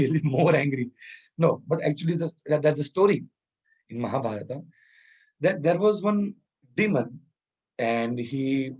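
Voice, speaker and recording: Husky man teaching soft skills. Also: mid-range voice, highs cut off. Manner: chuckles often, Hindi words mixed into English. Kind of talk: informal lecture with storytelling.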